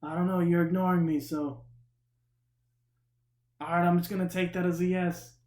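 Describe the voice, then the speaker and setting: A man voicing his teenage friend, a boy calling out loudly to his absent parents in a high, strained voice. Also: little pitch movement, normal speed, echoey room, lightly acted. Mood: insistent.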